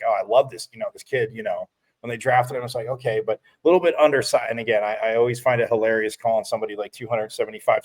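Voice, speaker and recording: Male sports talk co-host, mid-range voice, rambling, animated storyteller. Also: medium pitch. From from Phoenix area.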